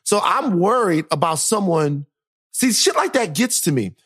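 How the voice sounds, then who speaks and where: A man chatting on a podcast, telling a story with lots of feeling and pitching his voice way up when he is exasperated. His voice sounds close and dry, with no room around it. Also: moderate pace, slightly rough, no room sound. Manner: animated storyteller, rises high when exasperated. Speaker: podcast co-host. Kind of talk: casual chat, storytelling.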